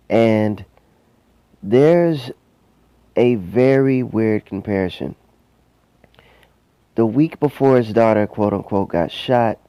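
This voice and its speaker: A low-voiced man with a Southern US accent delivers commentary very slowly and deliberately. His tone is dark and mellow, and he sounds skeptical and insinuating. The sound is dry, with no room echo. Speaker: online commentator. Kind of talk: commentary video.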